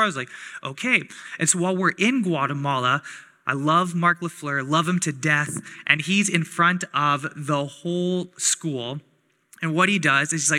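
Young adult male pastor from Canada, very bright and slightly high voice, chatty storytelling sermon, long hall reverb. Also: moderate pace. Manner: conversational storytelling, acts out quoted voices.

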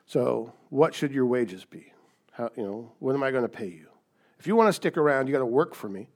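A preacher doing scheming uncle Laban. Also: male voice, mid-range voice, animated, fairly quick, darkish tone. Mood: bossy. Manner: bossy, bargaining.

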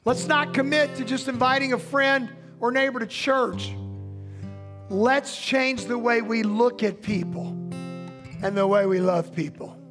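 A man with a Southern US accent, a pastor preaching a sermon in folksy, emphatic storytelling that drops to a hush for drama. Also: very high voice, unhurried, over music. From Southern United States. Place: church sanctuary.

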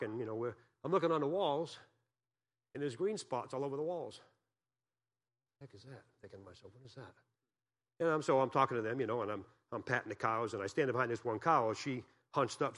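A man's voice: medium pitch, a bit bright. A man from Massachusetts giving a guest sermon as a pastor, telling folksy, joking stories and asking the congregation questions.

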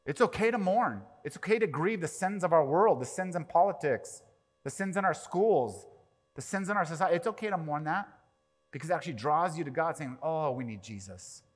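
A man preaching a sermon as pastor, animated, swinging from quiet to loud and acting out quoted prayers. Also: a little high, brisk. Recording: long reverb of a large hall.

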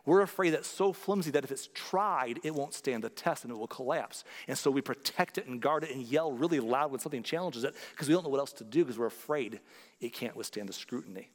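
A man's voice: mid-range voice, fast, long reverb tail. A man who is a pastor, preaching a sermon in an earnest, conversational way, rising to emphatic points.

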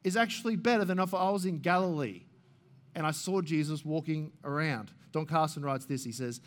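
Man preaching, pastor, high voice, earnest, asks the room questions, repeats words. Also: brisk. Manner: earnest, questioning the congregation directly; repeats words as he thinks aloud. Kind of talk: sermon.

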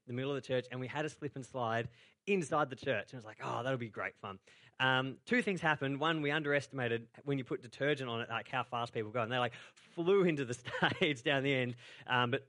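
A man's voice: medium pitch, sharp tone. A young man preaching a sermon in a church, telling a story in a casual, chatty way full of filler words. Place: church auditorium.

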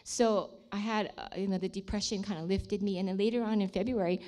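Woman sharing a heartfelt faith story, mid pitch, drops to hushed tones for emphasis. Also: fairly even intonation, brisk. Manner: emotional storytelling, dropping to near-whispers at dramatic points. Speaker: ministry leader sharing a testimony. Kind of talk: personal faith testimony.

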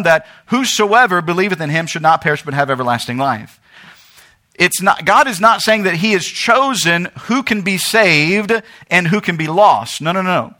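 Male pastor, sermon, high lively voice, bright, checks in with "right?". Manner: animated, talks straight to the congregation with frequent "right?". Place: church.

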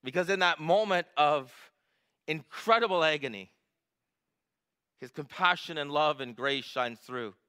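A male pastor delivers a sermon in a church. His voice is bright and a touch higher than most men's. He shifts between soft, reflective retelling and emphatic, rising declarations. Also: a little slow, pauses often, smooth. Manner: builds from quiet to emphatic.

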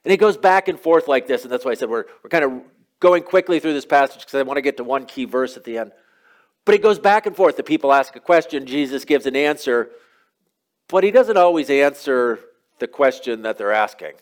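A man's voice: mid-range voice, expressive, brisk. A man preaching a sermon as pastor, retelling a scripture story in a casual, conversational way with offhand asides.

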